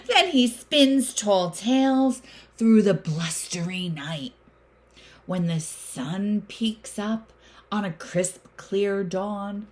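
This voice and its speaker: A woman teacher reading a picture book aloud to young children, expressive with gasps and exclamations. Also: medium pitch, drawn-out words, slight background noise.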